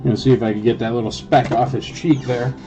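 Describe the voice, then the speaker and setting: A man's voice: medium pitch, steady tone, quick pace. A man hosting a casual livestream toy auction, chatting and joking with bidders and greeting them by name. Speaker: live auction host. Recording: dull lo-fi stream with loud music.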